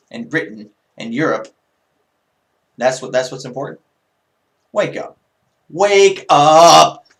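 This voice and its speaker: A man giving a casual, emphatic political rant on his own video show, full of rhetorical questions. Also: mid-range voice.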